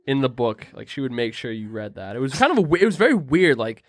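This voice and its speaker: Young male co-host, animated slangy storyteller, dry close-up sound. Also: medium pitch, fast, no room sound. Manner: animated storyteller, slangy, says "right?" a lot. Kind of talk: casual storytelling chat.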